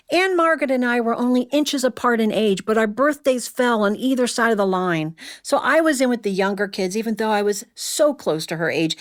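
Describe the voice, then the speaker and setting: A woman storyteller speaking to a live audience in a humorous, chatty way, teasing her listeners. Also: mid-range voice.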